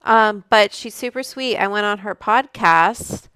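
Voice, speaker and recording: A woman hosts a casual livestream from her room at home, rambling from one thought to the next, greeting viewers by name and cursing freely. She talks at an unhurried, drawn-out pace into a studio microphone, and her voice comes through smooth and clean with a dry, close sound. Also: mid-range voice, sharp tone, no room sound. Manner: rambling, chatty, reads out viewer names and swears freely. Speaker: livestream host.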